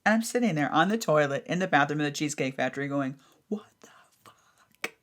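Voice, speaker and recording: A woman hosting a podcast, telling a personal story in an animated, casual way that sometimes includes swearing. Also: sits low, rapid-fire. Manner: animated, acts out her own thoughts in a raised voice, swears casually. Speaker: podcast host.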